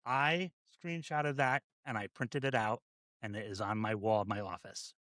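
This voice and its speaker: A man who is a deputy fire chief, a guest on a podcast, speaking in a halting, reflective way with many restarts. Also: lowish voice, steady tone, a bit bright, no room sound, studio quality. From United States. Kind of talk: casual podcast conversation.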